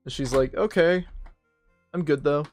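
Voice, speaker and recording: A man's voice: mid-range voice, moderate pace. A young man telling a rambling, profane, self-mocking story while streaming a game, with faint game music behind him. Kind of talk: casual storytelling while gaming.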